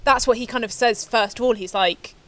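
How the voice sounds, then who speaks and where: A woman's voice: on the high side, a little fast, a bit bright, slight background noise. A young woman, chatting casually as a podcast guest, laughing often and swearing offhandedly. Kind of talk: casual chat.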